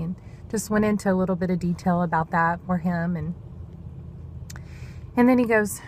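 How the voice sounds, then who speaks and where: A woman's voice: fairly low pitch, a little fast, a little mellow, slight background noise. Earnest woman vlogging. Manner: earnest, rambling, says "y'all". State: emotional, near tears. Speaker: vlogger sharing prophetic words. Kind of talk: casual devotional vlog.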